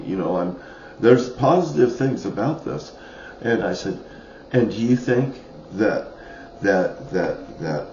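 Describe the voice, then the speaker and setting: A man's voice: low-pitched, mellow, a little hiss or hum. Man ranting in a roomy, lo-fi recording. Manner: profane, ranting, with short laughs. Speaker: vlogger. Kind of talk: angry rambling monologue.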